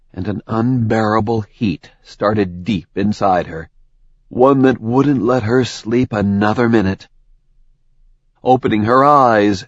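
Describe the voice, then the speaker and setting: A man narrating a dark fantasy novel in a measured, even reading. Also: on the low side, gravelly, no echo, lo-fi sound. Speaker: audiobook narrator.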